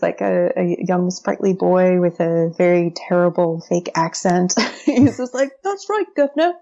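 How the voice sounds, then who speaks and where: Gravelly low-voiced woman chatting eagerly. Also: mellow, lo-fi sound. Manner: enthusiastic and chatty, with many fillers. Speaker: interview guest, brand strategist. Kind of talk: casual podcast conversation.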